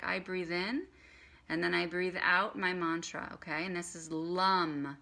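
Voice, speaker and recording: Bright-voiced woman leading a meditation lesson. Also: lowish voice, steady tone, measured pace, creaky. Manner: chatty, guides breathing and chanting. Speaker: meditation teacher. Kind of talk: live-streamed meditation lesson. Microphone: phone.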